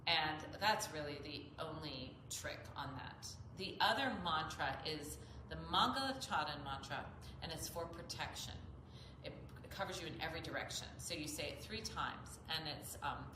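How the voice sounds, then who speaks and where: A woman yoga teacher with a slightly low voice gives steady, guiding instructions and demonstrates chanted mantras. She was recorded in an echoey studio. Clear background noise sits behind her voice. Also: moderate pace.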